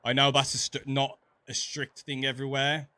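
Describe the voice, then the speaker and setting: A man with a softened Black Country accent chatting casually while streaming a game, laughing often and stumbling over his words. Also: mid-range voice, monotone, moderate pace, no room sound. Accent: Black Country English, softened. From English West Midlands. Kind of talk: casual chat while gaming.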